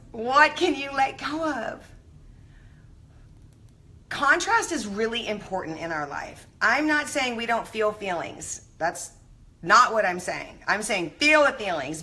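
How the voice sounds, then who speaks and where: A middle-aged woman hosts a motivational live stream in a bright, forward voice. She talks in a casual, effusive way and calls out to her viewers by name. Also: medium pitch.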